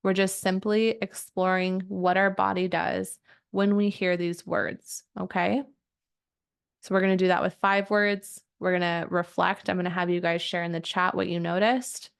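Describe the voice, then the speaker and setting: Gentle woman guiding a somatic meditation. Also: lowish voice, flat delivery, vocal fry, clean tone. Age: 30s. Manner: gentle, slow, inviting guidance. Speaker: coach leading a group call.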